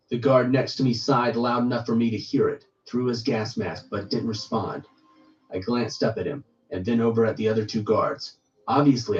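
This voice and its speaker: A man reading a first-person horror story aloud in steady storytelling narration. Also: mid-range voice, far from the mic, muffled recording.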